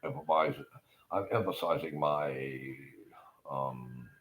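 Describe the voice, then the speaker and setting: A man's voice: extremely low pitch, takes it slowly, a bit bright, slight background noise, full character voice. A man voicing a snobbish continental European man, speaking in a haughty, affected way.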